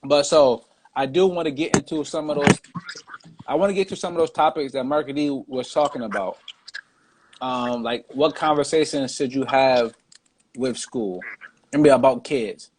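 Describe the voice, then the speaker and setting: A man's voice: mid-range voice, normal speed, a little mellow. A man hosting a casual podcast chat, reading out viewer comments in a laid-back way. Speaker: podcast host.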